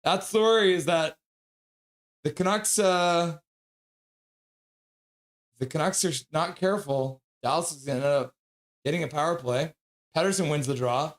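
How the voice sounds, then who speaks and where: A man with a slightly high voice calls a game live for his stream from home. He gets excitable and cries out when the play turns. Between plays he drops into soft baby talk for his dog. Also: normal speed, pauses often. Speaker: livestream host calling the game.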